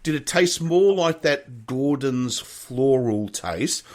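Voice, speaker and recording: An Australian man co-hosting a podcast, joking around and chiming in with quick yeps and apologies. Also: mid-range voice, lively intonation. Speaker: podcast co-host. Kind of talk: casual chat.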